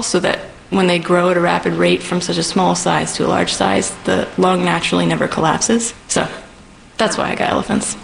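A woman's voice: fairly low pitch, creaky, poor audio. A woman who works as a tattoo artist, speaking thoughtfully in a personal interview. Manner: thoughtful, musing.

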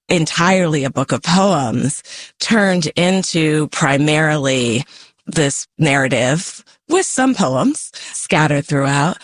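Woman from the American West, poet guest, unhurried delivery, reflective, occasional soft laughs. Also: low voice, dry recording. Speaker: author and poet, interview guest. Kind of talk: thoughtful interview answers.

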